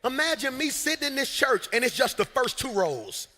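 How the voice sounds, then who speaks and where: A man preaching from a church stage, his high voice rising into shouts and laughs. The tone is bright and forceful, and it rings out with a long tail of reverb across the large hall. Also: sing-song, normal speed. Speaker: pastor. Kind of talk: sermon.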